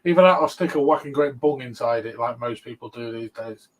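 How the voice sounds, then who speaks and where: A laid-back man hosting a relaxed chat show, talking at an ordinary pitch. He keeps it chatty and breaks into easy laughs as he goes. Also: fairly quick, low-quality recording. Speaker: host. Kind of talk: casual chat.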